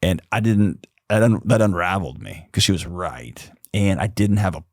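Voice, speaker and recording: A podcast guest tells personal stories in an animated, conversational way, acting out the voices of the people involved. He has a deep voice at a normal speed, captured in a dry, clean studio recording.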